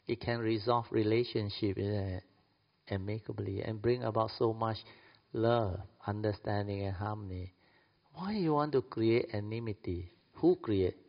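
Playful Malaysian man preaching in an echoey hall. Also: on the low side. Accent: Malaysian English. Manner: playful, laughs often, acts out little quoted dialogues. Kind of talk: sermon to an audience. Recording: echoey hall, dull lo-fi sound.

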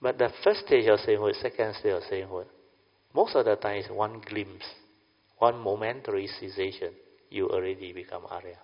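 A Buddhist meditation teacher, an older man with a voice on the low side, speaks at normal speed during a dharma talk to a class. His manner is chatty, punctuated by "huh?" and "understand or not?". The lo-fi audio was captured in a reverberant hall.

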